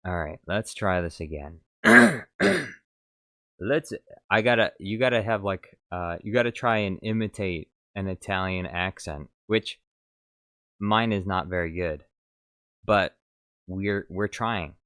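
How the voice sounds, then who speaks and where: Lowish-voiced man chatting casually. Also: lively intonation, a little slow, bright, forceful tone, no echo, studio quality. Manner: rambling, self-mocking, laughs at himself. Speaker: streamer reading chat. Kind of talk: casual chat.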